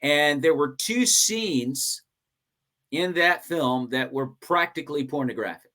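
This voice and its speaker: A man hosting a comedy interview show, chatting casually and telling an animated anecdote with laughs. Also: a little high, a little slow.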